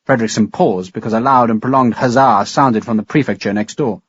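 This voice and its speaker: A man narrating a historical audiobook in a measured, dramatic reading style. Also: mid-range voice, slightly rough, dry recording, lo-fi sound. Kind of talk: scripted narration.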